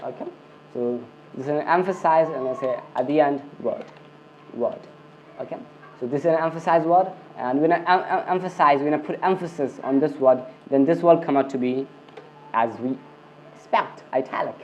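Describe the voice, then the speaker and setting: Speaking a little fast in a slightly high voice, a coding tutor talks through a screencast lesson. He keeps saying "okay" and "I mean" and often restarts what he's saying. The recording is dull and lo-fi, with a touch of hiss or hum.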